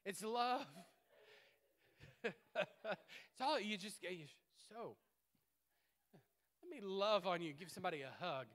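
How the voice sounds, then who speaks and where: A man preaching a sermon in a playful, animated way, swinging between loud bursts and hushed asides. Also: high voice, takes it slowly, pauses often.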